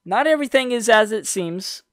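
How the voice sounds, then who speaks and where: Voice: medium pitch, expressive, normal speed, no echo, clean studio sound. A young adult vlogger telling a school story in a rambling, slangy way, with self-corrections and sarcastic asides. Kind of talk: casual storytime monologue.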